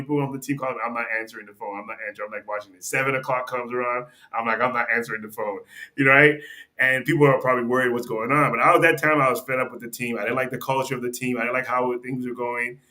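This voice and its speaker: A man's voice: medium pitch, sharp tone. A man guest on a podcast, telling a long story in a casual, rambling way, restarting sentences and acting out what people said. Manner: rambling, restarts sentences, acts out quoted dialogue; conversational, with frequent "you know" and "like".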